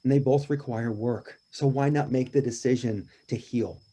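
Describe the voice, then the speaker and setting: A man with a mellow, warm tone and a mid-range pitch, speaking as a podcast guest. He tells a deeply personal story earnestly and reflectively, leaning into key points with emphasis. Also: moderate pace. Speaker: podcast guest, grief coach.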